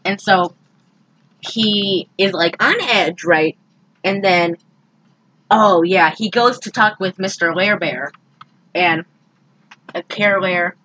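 A woman co-hosting a casual podcast, recapping a movie in an animated, exasperated way. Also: fairly low pitch, slow pace, long pauses, poor audio. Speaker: podcast co-host.

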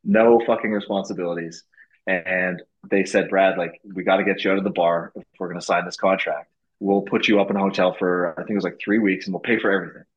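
A young man from Canada telling casual stories as a podcast guest, animated and swearing freely, acting out what people said. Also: low voice, fast talker, lo-fi sound. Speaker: podcast guest, former reality show lead. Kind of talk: casual storytelling.

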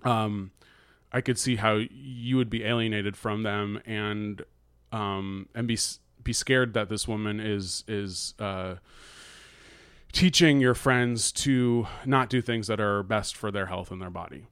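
A man's voice: lowish voice, steady tone, a little slow, a bit bright, clear, resonant tone, no room sound. A man talking things through in a casual, thoughtful way, hedging and restarting often with fillers. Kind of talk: casual conversational commentary.

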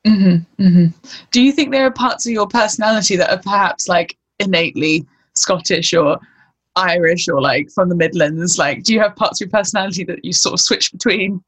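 A woman's voice: lowish voice, fairly quick, slightly rough. A young woman in casual conversation, asking curious questions, laughing easily and using "like" often. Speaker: interviewer.

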